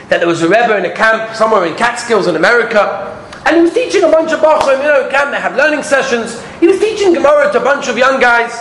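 High-voiced man giving an animated Torah talk. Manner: storytelling, acts out quotes, swings from loud to hushed. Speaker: rabbi giving a shiur. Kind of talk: animated Torah lecture with stories. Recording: echoey room with faint background hum.

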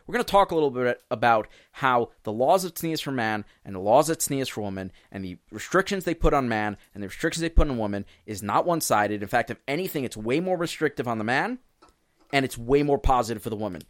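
Male podcast co-host, mid-pitch, lively explainer, close dry mic. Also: a little fast, no echo. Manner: animated, explains with quoted voices. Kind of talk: casual religious discussion podcast.

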